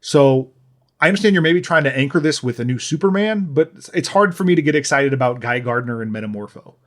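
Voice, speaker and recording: A man's voice: mid-range voice, animated, fast talker, a bit bright. A man co-hosting a podcast, talking in a rambling, sardonic way with lots of fillers and restarts. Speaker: podcast co-host. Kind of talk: casual chat.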